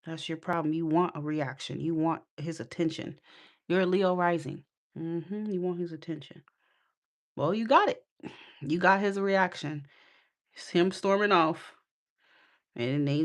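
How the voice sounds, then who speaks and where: Sassy woman giving a tarot reading. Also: lowish voice. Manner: sassy, scolding and teasing, laughs often. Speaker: tarot reader. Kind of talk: casual live tarot reading.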